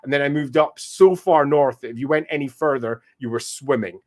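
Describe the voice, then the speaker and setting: A man with a mixed Scottish accent hosting a live stream, thinking aloud as he works and answering viewer comments in a relaxed way. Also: medium pitch, brisk. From Scotland. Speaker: stream host and mapmaker. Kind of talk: live-stream commentary while drawing a map.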